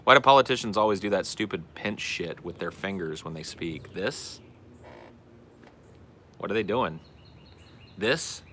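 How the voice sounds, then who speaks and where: A man with a fairly low but bright, forceful voice chats casually as a show host. He answers viewer questions bluntly, swears freely and jokes at his own expense. A faint hiss sits under his voice. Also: lively intonation, unhurried, pauses often. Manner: blunt, profane, self-deprecating. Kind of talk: casual chat.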